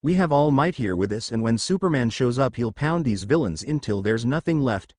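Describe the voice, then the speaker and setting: A man's voice: mid-range voice, lively intonation, a little fast, darkish tone, dry recording, clean studio sound, natural voice. A man voicing a small, cheeky teen boy student who gets whiny and panicky, in a fan story reading.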